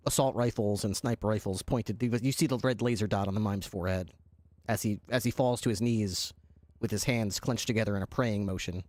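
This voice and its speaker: A man narrating a role-play scene as game master, halting and restarting as he describes the action. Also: on the low side, a little mellow, dry recording.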